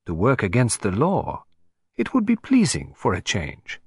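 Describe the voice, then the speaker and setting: A man's voice: fairly low pitch, wildly swooping pitch, measured pace, breathy edge, dry recording, clean studio sound, exaggerated voice. Man putting on a fussy, vain Belgian detective voice. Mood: pleased. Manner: precise, self-satisfied, drops French phrases. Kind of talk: audiobook character reading.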